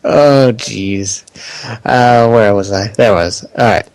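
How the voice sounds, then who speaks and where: A man's voice: lowish voice, slow pace, darkish tone, no echo. Young man, podcast co-host, laughs a lot, fumbles his reading, dry close sound. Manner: laughs often, stumbles over read news. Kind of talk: casual podcast chat.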